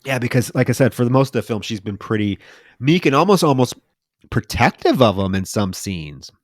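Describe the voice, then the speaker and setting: A man co-hosting a casual film podcast at a middling pitch. He retells scenes wryly and conversationally, and his voice sounds close and dry with no room around it. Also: very animated, a little fast, dry recording. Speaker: podcast co-host.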